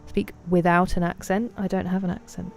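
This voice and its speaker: A woman's voice: fairly low pitch, little pitch movement, fairly quick, creaky, slight background noise. A young woman streaming a game, chatting playfully and greeting viewers by name. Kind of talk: casual live-stream chat while gaming. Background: faint game music.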